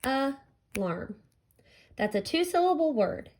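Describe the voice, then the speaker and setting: A woman teacher walks young children through a phonics lesson, talking slowly and clearly. She stretches out each vowel sound so the kids can hear it, and her voice sits a little on the high side. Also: animated, a little hiss or hum.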